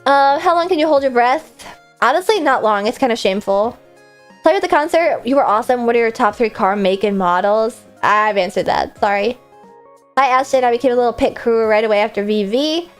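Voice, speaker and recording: A young woman with a fairly high voice chats through a late-night stream Q&A, tired and coming down from an energy drink. She reads fan messages aloud and answers them with self-deprecating, sometimes deadpan humor. Faint music plays underneath. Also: a little fast. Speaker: VTuber streamer. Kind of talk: casual livestream Q&A, reading fan messages aloud.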